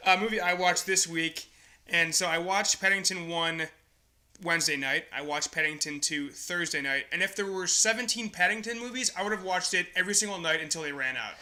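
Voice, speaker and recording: A young man with a very bright, slightly high voice. He co-hosts a casual podcast and talks with eager enthusiasm, laughing often as he gushes. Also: brisk, slight background noise. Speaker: podcast co-host. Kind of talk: casual movie review chat.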